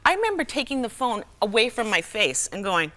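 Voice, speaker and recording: A woman's voice: fairly high pitch, big pitch swings, a little fast, bright, forceful tone. A middle-aged woman telling a personal story as a talk show guest, acting out the voices of people in it and often laughing. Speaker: guest speaker and humorist. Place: television studio.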